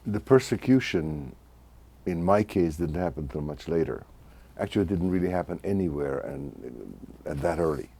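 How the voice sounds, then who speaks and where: A man in his eighties who grew up in Hungary, recalling his childhood in a measured, reflective oral history interview. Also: low voice, sing-song, vocal fry, mellow, slightly rough. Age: 80s. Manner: measured, reflective, restarts mid-phrase.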